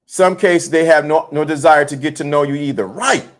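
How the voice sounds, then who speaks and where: Male streamer with a high voice, emphatic and repetitive, riffing to his chat in casual talk. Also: normal speed. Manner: animated, emphatic, repeats himself; greets chat viewers mid-sentence. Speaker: livestream host. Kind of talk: casual livestream commentary.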